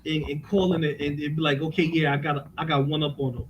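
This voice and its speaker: Animated man on a noisy headset. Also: fairly high pitch, fast, dull audio. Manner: animated storytelling, swearing freely. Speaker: podcast co-host. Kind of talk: casual chat. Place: home, indoors. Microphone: cheap headphones with mic.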